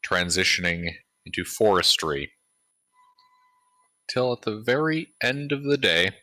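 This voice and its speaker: Deep-voiced man running a tabletop game. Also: measured pace, no echo, poor audio. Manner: relaxed, with many uh fillers. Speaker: game master.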